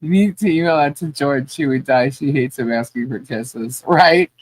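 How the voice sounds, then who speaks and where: A woman's voice: very deep voice, moderate pace, no echo. A woman co-hosting a casual podcast who laughs often and is easily amused. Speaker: podcast co-host.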